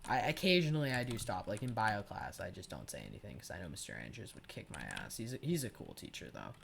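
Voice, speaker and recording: Lively sarcastic teenage boy gamer. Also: on the low side, quick pace, gravelly, background noise. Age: teens. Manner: sarcastic, profane, rambling storyteller. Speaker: gaming channel host. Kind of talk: casual gameplay commentary.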